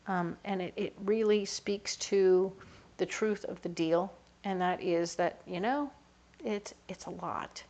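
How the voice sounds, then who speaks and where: A woman's voice: fairly low pitch, a little slow. Chatty woman giving a tarot reading. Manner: chatty, acts out little quoted voices. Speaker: tarot reader.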